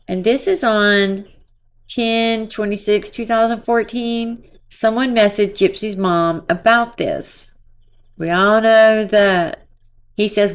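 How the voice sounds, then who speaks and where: A woman talks through a casual commentary at an unhurried, drawn-out pace. She sounds amused and chatty and laughs often, with a voice of middling pitch for a woman. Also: steady tone, clean tone. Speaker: commentary channel host. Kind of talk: casual true-crime commentary, reading messages aloud.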